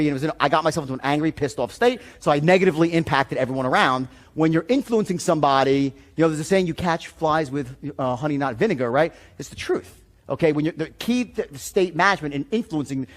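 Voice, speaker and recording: A man with a high voice gives a live sales seminar. He tells stories in an animated, profane way, jumping from loud bursts to low, confiding asides. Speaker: sales and persuasion trainer.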